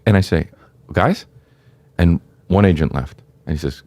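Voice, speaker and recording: A man's voice: low-pitched, normal speed, pauses often. A man telling a comedic story in casual chat, swearing and voicing the people in it. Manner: animated, voices characters in his story, swears freely. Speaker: comedian guest.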